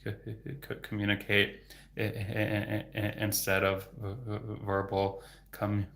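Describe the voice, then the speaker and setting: A man's voice: lowish voice, completely flat delivery, measured pace, gravelly, a bit bright. A man who stutters heavily, repeating sounds and words, answering questions casually as a livestream host. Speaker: livestream host and speech therapist.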